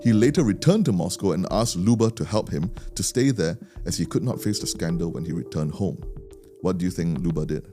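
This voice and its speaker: A man's voice: deep voice, a little fast, music in the background. A man with a Singaporean English accent, co-hosting a podcast and telling a story in a chatty way, often restarting his sentences. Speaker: podcast co-host. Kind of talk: casual storytelling chat.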